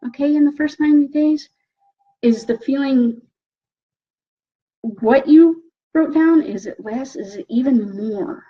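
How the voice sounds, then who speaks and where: A woman giving a motivational talk as a coach, animated and often asking "okay?", voicing her own excited thoughts. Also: on the high side, husky, highs cut off.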